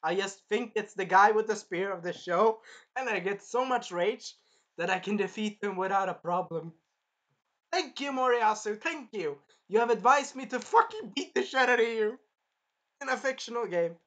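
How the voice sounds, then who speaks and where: Someone reviews an anime episode casually, speaking at medium pitch and a moderate pace. The talk rambles and wanders off topic, is full of swearing, and breaks into loud character impressions.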